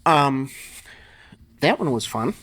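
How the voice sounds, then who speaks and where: A man's voice: medium pitch, expressive, slow, a bit bright. Blunt, profane middle-aged man telling stories. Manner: profane, blunt, laughs through his stories. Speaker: podcast guest. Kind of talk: casual storytelling interview.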